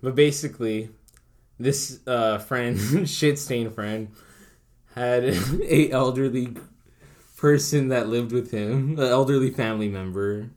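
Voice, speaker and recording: A man's voice: mid-range voice, takes it slowly, darkish tone. A man in his thirties telling a story in a casual chat, swearing freely and laughing as he goes. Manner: profane, laughing through the story.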